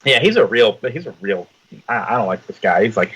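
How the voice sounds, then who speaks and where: Male podcast co-host, animated pitch, joking recap, muffled lo-fi audio. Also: fairly quick, husky. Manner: joking, lively summarizer. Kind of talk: casual chat, summarizing a comic. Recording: dull lo-fi sound.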